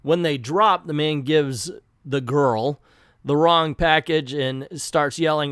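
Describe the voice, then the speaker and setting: A man's voice: medium pitch, takes it slowly, a bit bright, no echo, studio quality. A man reading an old comic aloud and breaking off for sarcastic, crude asides. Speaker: comic book reviewer. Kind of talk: comic reading with jokey commentary.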